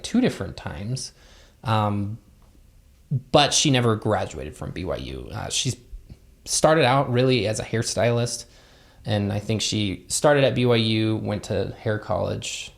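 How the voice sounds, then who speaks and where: Casting: mid-pitched co-host with a gravelly fry, relaxed podcast banter. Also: takes it slowly. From Utah, United States. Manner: chatty, agreeable, lots of "like" and "um". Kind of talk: casual chat.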